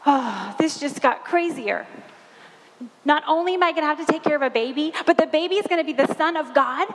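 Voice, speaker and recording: A woman's voice: high-pitched, fairly quick. A woman playing Mary, an anxious, wide-eyed young woman, in a breathless, questioning first-person monologue. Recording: reverberant hall.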